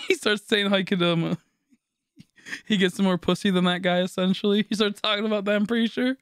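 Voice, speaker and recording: A man's voice: sits high, steady tone, brisk, a bit bright, clean tone, no echo, studio quality. A man in his late twenties, a streamer rambling through a funny story, laughing often and swearing casually.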